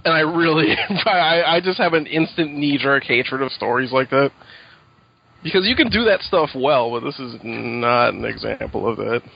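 A man's voice: medium pitch, normal speed, gravelly, slightly rough. Blunt opinionated man, muffled audio. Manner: blunt, opinionated, dry humor. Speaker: podcast co-host. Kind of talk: casual comic book podcast chat.

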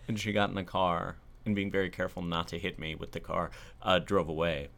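A man in casual conversation, telling a personal story in an animated, self-deprecating way. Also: low voice, fairly quick, gravelly.

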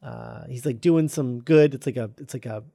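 A man casually retelling a film script as a podcast host, halting with lots of ums and uhs. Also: medium pitch, creaky, no echo, studio quality. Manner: halting, full of ums and uhs, reads quoted lines flatly. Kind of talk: casual chat.

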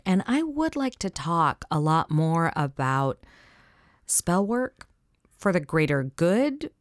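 A woman with a Southern US accent co-hosting a podcast, chatting in an animated way, laughing often and trailing off mid-sentence. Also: low voice, clean tone, no room sound, clean studio sound. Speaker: podcast co-host. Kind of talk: casual chat about witchcraft practice.

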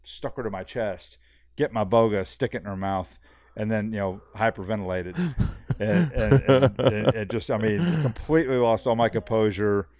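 A man, a fishing guide, telling a long story on a podcast in a rambling, animated way, full of fillers and repeats. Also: on the low side, normal speed, dry recording. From South Texas. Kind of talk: casual storytelling.

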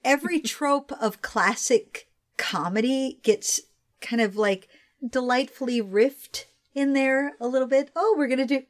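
A woman's voice: on the high side, unhurried. A young adult woman co-hosting a casual film chat, enthusiastic and swearing casually. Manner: enthusiastic, swears casually, acts out movie bits. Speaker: podcast co-host.

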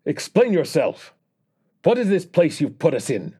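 A man's voice: fairly high pitch, sing-song, measured pace, warm tone, husky, voice pushed up, heavily acted. A man doing a stern barking world leader. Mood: demanding. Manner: barking, accusing.

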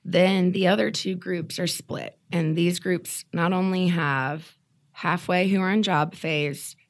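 A young woman speaks in a loose, chatty way, filling her talk with "you know" and "like." Her voice sits a little low for a woman. She is a guest on a candid podcast interview. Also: steady tone, takes it slowly. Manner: casual, chatty, many fillers like "you know". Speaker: guest, program alumna.

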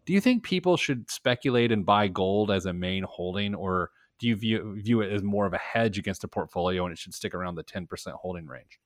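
A low-voiced man talks briskly with hardly any pauses, hosting a personal finance show where he kids around with his co-host. His animated, jokey reading of news items carries casual radio banter, with no room sound in the studio-quality audio.

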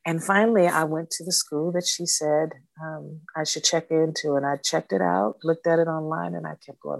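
A woman's voice: low voice, fairly even intonation, normal speed, gravelly, hardly any pauses, dry recording. A woman in her sixties, an interview guest, who tells her story with animation and acts out the voices she quotes. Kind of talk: storytelling in conversation.

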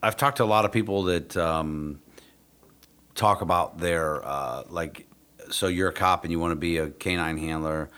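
A man hosting a casual podcast chat about police dogs, talking in a relaxed, conversational way. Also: sits low, moderate pace, smooth.

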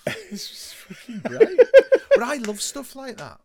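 Lively enthusiastic man. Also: very high voice, slow. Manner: enthusiastic, laughing, animated storytelling. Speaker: podcast co-host. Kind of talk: casual chat.

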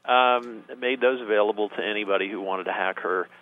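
A man's voice: fairly low pitch, steady tone, fairly quick. A man speaking as a guest commentator on a talk radio show, sarcastic and emphatic, piling up words for effect. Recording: tinny phone line.

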